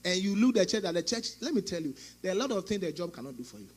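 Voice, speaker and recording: High-voiced preaching pastor, man. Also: sing-song, very fast. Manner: preaching with sudden loud outbursts and acted quotes. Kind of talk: sermon.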